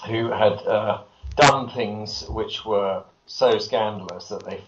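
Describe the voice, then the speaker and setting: A British filmmaker answers interview questions, spinning dry anecdotes with a wry turn. His voice is fairly low for a man. The audio is dull, with a faint hiss underneath. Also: slow pace. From Britain. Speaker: filmmaker guest.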